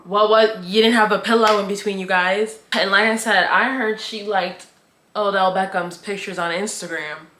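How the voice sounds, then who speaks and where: A woman's voice: mid-range voice, fairly even intonation, moderate pace, a bit bright, reverberant, slight background noise. A young woman giving a casual, opinionated recap of a reality show, full of slang and filler "like".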